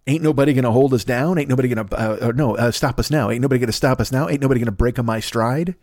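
A man's voice: medium pitch, rapid-fire, darkish tone, no echo, clean studio sound. A man hosting a podcast, rambling through a profane late-night comedy rant and laughing at his own jokes. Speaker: podcast host.

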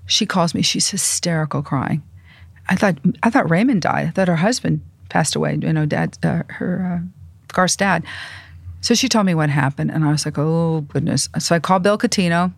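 Animated older woman telling stories. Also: low-pitched, normal speed, dry recording. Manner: animated anecdotes, acts out quoted voices. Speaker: music industry publicist and manager, guest. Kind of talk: storytelling interview.

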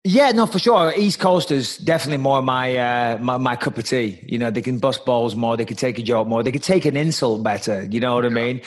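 A man co-hosting a podcast, talking in a blunt, sweary and animated way. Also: mid-range voice, brisk, few pauses. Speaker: podcast co-host. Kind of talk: casual podcast chat.

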